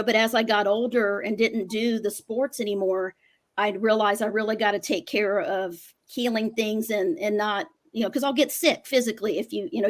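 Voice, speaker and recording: A woman astrologer and mother chatting casually on a video call panel, full of "you know" and agreeable asides. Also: medium pitch.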